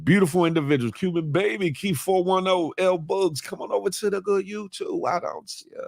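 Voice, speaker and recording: A man from Washington, D.C. hosting a casual morning livestream, animated and chuckling as he greets viewers by name. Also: high voice, brisk, creaky, no echo. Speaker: host of a morning live show.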